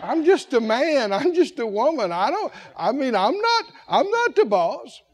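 A man's voice: extremely high pitch, big pitch swings, a little slow, darkish tone, full character voice. A man preacher voicing a timid male employee who whines and stammers that he cannot go and do the job. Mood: pleading. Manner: pleading, whining, falters and stammers.

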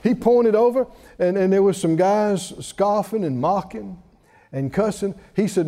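A man's voice: sits high, a little slow, warm tone. A male preacher delivering a sermon, telling a story with laughter and rising exclamations. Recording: reverberant hall.

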